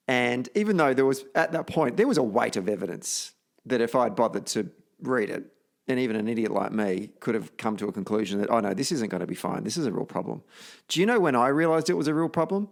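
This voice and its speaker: Gravelly Australian host, chatty and animated. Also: male voice, mid-range voice, a little fast. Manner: chatty, self-deprecating, animated storytelling. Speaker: podcast host. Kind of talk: casual podcast chat.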